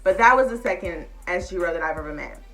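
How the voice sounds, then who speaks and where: A woman's voice: fairly low pitch, expressive, fast, fairly bright tone. Chatty young woman vlogger, emotional. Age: young adult. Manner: chatty, emotional, addresses viewers as y'all. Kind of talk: casual chat to camera.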